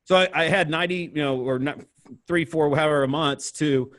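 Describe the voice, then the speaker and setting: His voice sits on the high side and keeps a normal speed, with no echo in the recording. This thirtysomething guest from the American Midwest shares his story casually on an entrepreneurship interview, animatedly playing out the dialogue as he goes.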